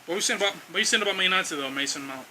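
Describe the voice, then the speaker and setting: A man's voice: sits high, expressive, rapid-fire, pushed and bright, a little hiss or hum. A young man co-hosting football banter with his dad, teasing and quizzing him and swearing freely. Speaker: co-host, son.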